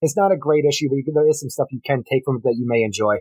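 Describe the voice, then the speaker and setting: Fast-talking joking man. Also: medium pitch, darkish tone, slightly rough, dry recording, rough recording. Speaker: comic book reviewer, co-host. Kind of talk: casual podcast chat.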